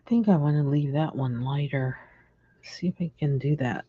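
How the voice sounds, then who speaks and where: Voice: mid-range voice, moderate pace, husky, no room sound, narrow, tinny audio. A livestream host ranting casually and in exasperation while coloring, chuckling between lines.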